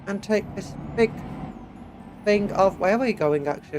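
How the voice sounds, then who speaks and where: A high, light-voiced man with an English accent talks casually through a gameplay stream, a little sniffly from hay fever. He chats to his viewers and hums bits of tune between remarks. The rumble of truck engines from the game sits clearly behind him. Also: unhurried, long pauses, darkish tone, rough recording. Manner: chatty, reads chat aloud, hums little tunes while driving.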